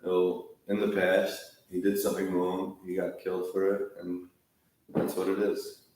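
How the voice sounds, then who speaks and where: Low, flat-voiced man in an echoey hall. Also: measured pace, far from the mic. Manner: conversational, repetitive storytelling. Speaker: speaker at a Tisha B'Av gathering. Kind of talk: storytelling sermon. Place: large hall, sitting on the floor.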